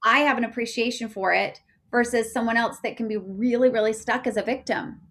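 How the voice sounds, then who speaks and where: A woman in her thirties, a podcast guest telling a personal story in a chatty way, full of fillers and getting loud when excited. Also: a little high, a little fast.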